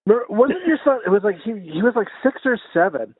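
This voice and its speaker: Husky high-ish guy telling funny stories about his buddy, dry tinny phone sound. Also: sing-song, fast, no echo. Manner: amused reminiscing, teasing. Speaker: podcast co-host. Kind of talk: casual chat.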